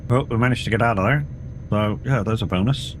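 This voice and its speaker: Deep-voiced tired male streamer. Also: brisk, slight background noise. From England. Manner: chatty, rambling, swears casually. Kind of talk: casual live-stream chat while playing.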